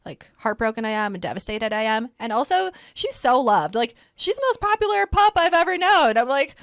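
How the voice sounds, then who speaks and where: A woman's voice: a little high, very animated, a little fast, fairly bright tone, dry recording, clean studio sound. A young woman co-hosting a podcast, talking in a casual, chatty way and filling her sentences with "like". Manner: chatty, heavy use of "like". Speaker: podcast co-host. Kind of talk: casual chat.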